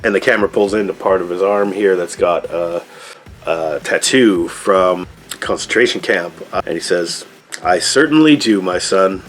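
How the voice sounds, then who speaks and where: A man talks through a movie review in an easygoing, unscripted way. His voice sits a touch low. He keeps drifting into side comments and casual hedges like he's chatting with a friend. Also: fairly even intonation, moderate pace, faint music behind. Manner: loose, rambling, frequent "like" and "I don't know" asides.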